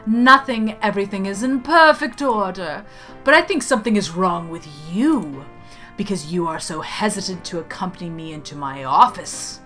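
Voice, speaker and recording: A woman voicing a creepy, coercive male professor in a game, speaking in a smooth, hushed, menacing way. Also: medium pitch, animated, normal speed, faint music behind.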